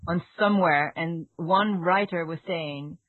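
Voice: medium pitch, unhurried, no echo. A non-native English speaker in a casual podcast chat, talking hesitantly with lots of fillers and restarts. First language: not English. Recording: dry tinny phone-like audio.

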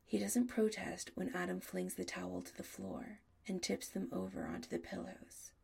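A woman narrating an audiobook in a soft, often half-whispered delivery. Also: fairly low pitch, big pitch swings, moderate pace, gravelly, slightly rough.

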